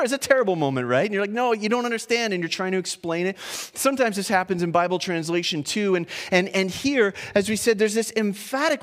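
Preaching in a high voice, this male pastor keeps his sermon conversational. He shifts between hushed lines and animated ones, with playful asides and restarts.

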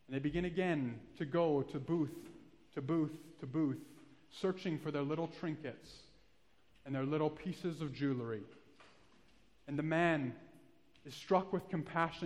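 A man preaching a sermon, earnest and pleading, rising to loud climaxes. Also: high-pitched. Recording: long reverb of a hall.

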